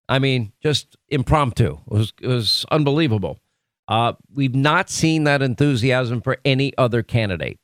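A man's voice: medium pitch, no room sound. Guy doing a talk radio rant, dry close studio mic, casual and pushy, keeps restarting sentences. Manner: conversational, emphatic, self-correcting. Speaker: radio talk show host. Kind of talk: opinionated talk radio monologue. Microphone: studio microphone.

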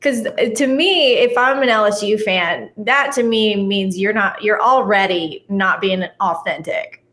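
A woman in casual conversation, relaxed and chatty, laughing often as she talks. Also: mid-range voice, measured pace. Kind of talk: casual chat.

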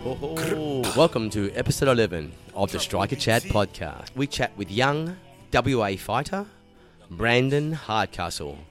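A man's voice: mid-range voice, very animated, measured pace, faint music behind. A man hosting a podcast interview, chatting casually, swearing freely and calling his guest mate. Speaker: podcast host.

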